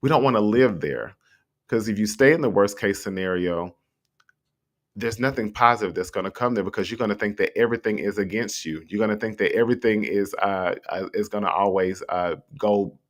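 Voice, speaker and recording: A man hosting a motivational livestream talk, speaking conversationally and straight to his listeners, his pitch swinging up on rhetorical questions. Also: a little fast. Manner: conversational and encouraging, addresses listeners directly. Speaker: host. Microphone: streaming setup with a mute button.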